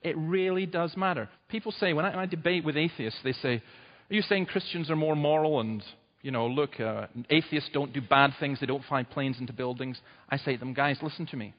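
Male preacher, fairly high voice, urgent and emphatic delivery, dull lo-fi sound, long echoing hall. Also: fairly quick. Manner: emphatic, urgent preaching with sudden loud rises. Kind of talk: sermon.

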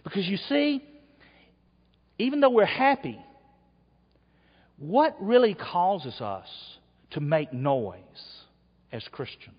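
A man preaching a sermon, dropping to quiet asides and then rising to loud shouts. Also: high voice, very animated, slow pace, long pauses, breathy edge. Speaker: pastor. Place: church sanctuary. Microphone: wearable mic. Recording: dull, long hall reverb.

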